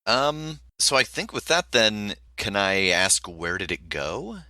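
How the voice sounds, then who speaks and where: Male player asking tentative questions, low-pitched, dry close sound. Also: big pitch swings, slow, pushed and bright, no echo. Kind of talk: tabletop game play.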